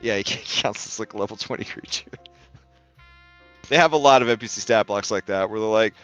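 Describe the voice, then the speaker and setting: A man's voice: on the low side, brisk, a bit bright, lo-fi sound, faint music behind. A man running a tabletop game as game master, narrating in a laid-back, jokey way with casual swearing.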